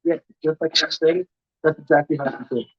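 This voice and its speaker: A man telling a long studio story in casual, profane podcast chat, jumping up in pitch whenever he quotes other people. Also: fast talker, breathy edge. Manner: animated, profane, swings pitch when quoting others. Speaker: podcast host. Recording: dull lo-fi sound.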